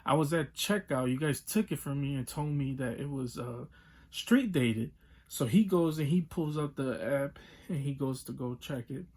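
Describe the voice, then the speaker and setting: Exasperated man ranting about a store visit. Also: on the high side. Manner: exasperated, retells with quoted dialogue and many fillers. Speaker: toy collector vlogger. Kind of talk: casual storytelling rant.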